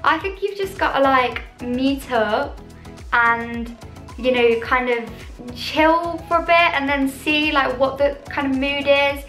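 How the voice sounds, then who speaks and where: A woman's voice: sits high, steady tone, slow, fairly bright tone. A young British woman chatting in a bubbly, self-deprecating way as she reacts to viewer confessions on her vlog. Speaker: YouTuber. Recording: echoey room with faint music.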